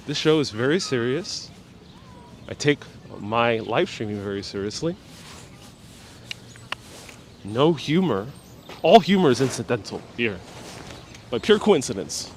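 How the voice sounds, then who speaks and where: A man hosting a casual walking live stream outdoors on city streets, joking deadpan and reading out viewer comments on a clip-on mic. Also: mid-range voice, moderate pace, slight background noise. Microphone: wireless clip-on mic while walking.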